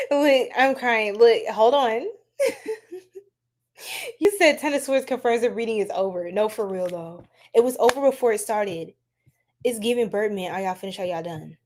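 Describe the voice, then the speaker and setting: A young woman hosting a casual tarot-reading livestream, chatty and quick to laugh, talking straight to her chat. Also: a little high, animated, darkish tone. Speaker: tarot reader, livestream host.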